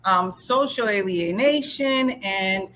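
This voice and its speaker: A woman giving a motivational talk as a guest speaker in an animated, storytelling way. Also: mid-range voice, takes it slowly, slight background noise.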